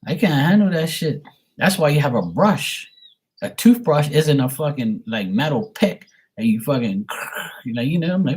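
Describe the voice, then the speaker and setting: A man's voice: on the high side, expressive, moderate pace, darkish tone, husky. A man in his forties chatting casually on a live stream, telling stories in a profane, ranting way and greeting viewers. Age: 40s. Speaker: live tarot reader.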